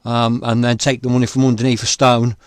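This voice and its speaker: A man interviewing a guest, speaking haltingly with many restarts. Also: mid-range voice, level tone. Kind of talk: conversational interview.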